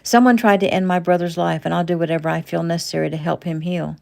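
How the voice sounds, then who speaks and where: Lady reading a caring young doctor sister, firm, low gravelly voice. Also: fairly even intonation, fast talker, a little mellow.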